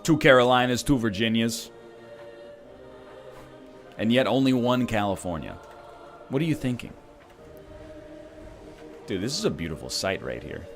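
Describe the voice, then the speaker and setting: A man's voice: mid-range voice, animated, measured pace, pauses often, faint music behind. A man from Canada giving casual gameplay commentary as a streamer, rambling with joking asides. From Canada (Ontario).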